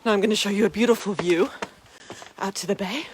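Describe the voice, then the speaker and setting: A woman's voice: mid-range voice, fast, a little hiss or hum. A woman narrating a live walking tour outdoors, chatty and upbeat, speaking to viewers directly from a phone she carries as she walks. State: out of breath from climbing steps. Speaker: tour guide vlogger. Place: outdoors on a hilltop village. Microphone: phone held while walking.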